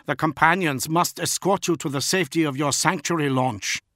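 A man's voice: on the high side, moderate pace, bright, forceful tone, no echo, studio quality, pitched above the performer's own voice. A man voicing a cold, insistent male bodyguard who gives firm orders. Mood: commanding. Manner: insistent, commanding.

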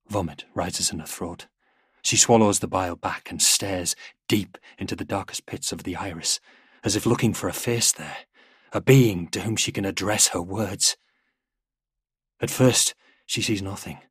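A man narrating a dark story in a slow, hushed, somber manner. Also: low voice, husky, no room sound, studio quality. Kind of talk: scripted narration of war fiction.

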